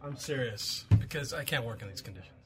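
A man's voice: mid-range voice, lively intonation, quick pace. A man co-hosting a podcast, joking playfully through casual banter during a mic check. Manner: playful, jokey, reels off silly phrases. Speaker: podcast co-host.

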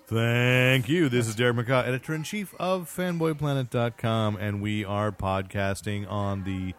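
A man hosts a relaxed podcast from a bar and grill. He talks with an easy, wry tone and is quick with a comeback. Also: medium pitch. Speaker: podcast host. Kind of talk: casual podcast banter.

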